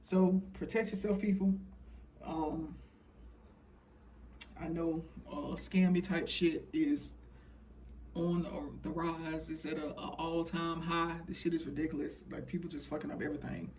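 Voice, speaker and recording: A man's voice: fairly high pitch, fairly even intonation, a little slow, darkish tone, distant mic, slight background noise. Frank man in his thirties, off-mic. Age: 30s. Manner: frank, profane, rambling with fillers. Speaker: channeler sharing messages. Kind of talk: casual monologue.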